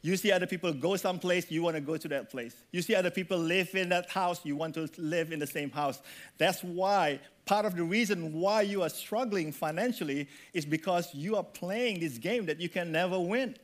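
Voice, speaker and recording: A male pastor delivering a sermon, animated and conversational, often asking the congregation questions. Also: sits high, moderate pace.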